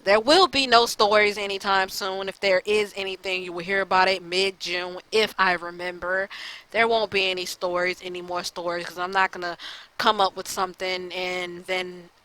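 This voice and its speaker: A woman's voice: on the low side, level tone, normal speed, bright, forceful tone, low-quality recording. A frustrated woman vlogging a blunt, profane rant to her followers about quitting, talking casually with lots of fillers. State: upset and fed up. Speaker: gaming YouTuber.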